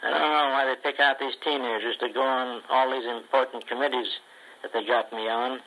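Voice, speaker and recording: Old guy rambling on, folksy, gravelly voice. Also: medium pitch, steady tone, a little fast, bright, forceful tone, low-quality recording. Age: older. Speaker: ventriloquist. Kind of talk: recorded spoken letter.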